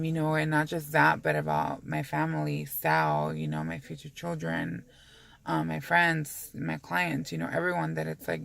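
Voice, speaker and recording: Creaky-voiced woman vlogging from her car. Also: deep voice. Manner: rambling and candid, swears freely. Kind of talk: casual chat to camera. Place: inside a parked car.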